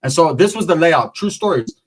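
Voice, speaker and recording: A man's voice: a little high, expressive, moderate pace, slightly rough. A man telling a long, profane, rambling story in casual talk, acting out the other people in it.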